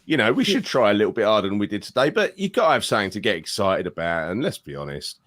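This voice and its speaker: Low-voiced blunt man. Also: very animated, fast, a bit bright, no echo. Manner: emphatic, swearing, blunt. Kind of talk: casual fan podcast chat.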